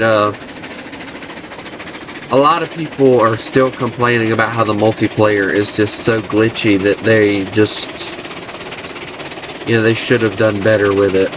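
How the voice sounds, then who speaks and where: With background noise behind him, a man with a Southern US accent loosely chats and rambles at home during a video game session, speaking as a gaming channel host. His voice sits in the mid range, with fairly even intonation and a moderate pace.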